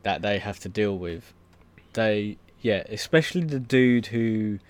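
A man's voice: on the low side, measured pace. A man in casual chat, recapping scenes hesitantly with lots of fillers and the odd swear word.

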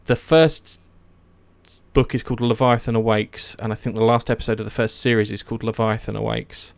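A man's voice: lowish voice, fairly even intonation, a little fast, vocal fry, no room sound. A man chatting casually and eagerly about a series, rambling with many fillers and restarts. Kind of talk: casual chat.

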